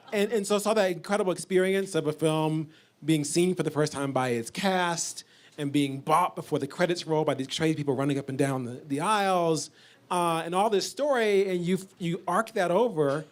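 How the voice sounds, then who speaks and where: A man with a somewhat higher voice tells a story on a panel, in a loose and chatty style. He speaks as the chairman of a foundation. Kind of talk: panel talk.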